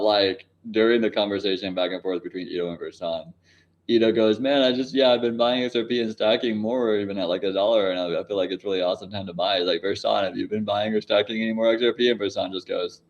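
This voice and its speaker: A man's voice: lowish voice, steady tone, a little fast, dull audio. A man in his forties hosting a casual livestream, answering chat questions in a rambling way, laughing often and swearing now and then. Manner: rambling, laughs often, sudden loud outbursts.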